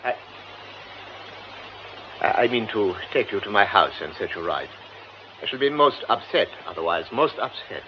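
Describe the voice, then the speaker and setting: An actor playing a formal gentleman who speaks hesitantly but insistently in a radio drama. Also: lowish voice, sing-song, moderate pace, pauses often, lo-fi sound, slight background noise.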